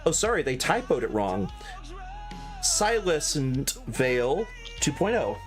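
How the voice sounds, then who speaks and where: A man's voice: mid-range voice, big pitch swings, takes it slowly, faint music behind. A man, chatting casually with his squad while streaming a military game. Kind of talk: casual gaming chat with squad.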